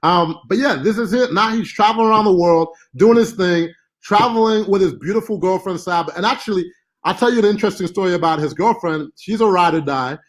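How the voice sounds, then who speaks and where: A man's voice: high-pitched, a little fast. A man hosting a live-stream marketing class, talking casually with many fillers and asides. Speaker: online marketing course host.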